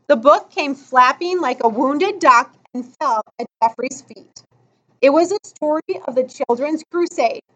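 A woman reading a children's story aloud in an expressive storytelling style. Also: high-pitched, a little slow. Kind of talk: children's book read aloud. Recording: slightly muffled recording.

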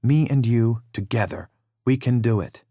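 A man voicing an excitable young boy, the little brother in a storybook reading. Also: medium pitch, moderate pace, close to an everyday voice. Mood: encouraging.

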